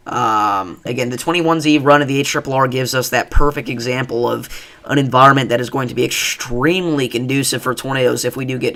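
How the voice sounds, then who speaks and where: A man with a gravelly, creaky voice hosts a live weather stream. He talks casually with plenty of fillers and gets excited over tornado footage. Again and again he breaks in to urge viewers to take shelter. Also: mid-range voice. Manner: excited, repeats safety warnings. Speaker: livestream weather host. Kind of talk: live severe weather commentary.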